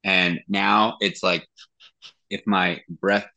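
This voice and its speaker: A man's voice: low voice, takes it slowly, vocal fry. A man who sings in a band, chatting casually in an interview and telling stories with plenty of swearing. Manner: animated storytelling, swears freely. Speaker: band vocalist.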